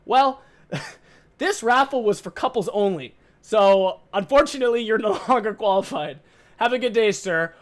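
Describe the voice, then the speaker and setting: A man voicing a polite female raffle phone caller with slow, chirpy customer-service phrasing. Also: mid-range voice, lively intonation, natural voice.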